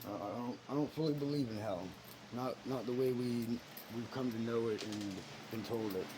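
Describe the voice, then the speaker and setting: Man, earnest reflective monologue, casual talk, sudden loud bursts, steady background noise. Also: mid-range voice, normal speed. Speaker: parent sharing personal beliefs.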